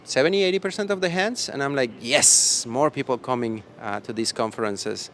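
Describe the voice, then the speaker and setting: Here a livestream host chats casually in a conference hall after the event, playful, rambling, often laughing and a little tired. His voice is medium-pitched and fairly bright, his delivery brisk, with slight background noise behind him.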